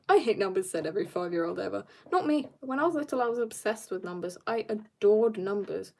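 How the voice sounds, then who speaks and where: Gravelly and darkish, her mid-range voice comes a little fast. The South African woman is livestreaming her drawing from an upstairs room at home, answering viewer comments in a casual, chatty way.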